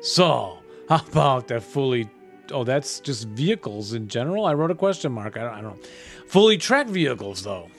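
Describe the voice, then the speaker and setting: A man's voice: mid-range voice, big pitch swings, moderate pace, faint music behind. A man co-hosting a podcast, playfully quizzing his friend on board game rules in casual chat. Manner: playful, teasing quizmaster. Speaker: podcast co-host.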